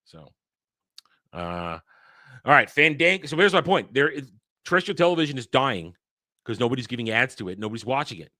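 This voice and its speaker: A man's voice: mid-range voice, very animated, a little fast, long pauses, bright, forceful tone, no echo, clean studio sound. A man hosting a daily entertainment news show, reading headlines and giving blunt, profane, irritated takes. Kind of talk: casual ranting commentary on headlines.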